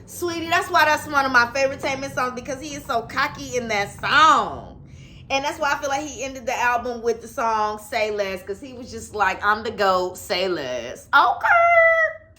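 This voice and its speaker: A woman's voice: high-pitched, moderate pace, pushed and bright. A woman talking casually to her viewers in an unboxing vlog, sassy and teasing, often laughing and calling them sweetie. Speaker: YouTuber.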